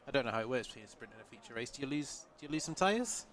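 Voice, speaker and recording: Nasal, congested race commentator. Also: male voice, mid-range voice, lively intonation, rapid-fire, a bit bright. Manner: chatty, answers live chat, laughs often. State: congested with a head cold. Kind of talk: live sim-racing commentary.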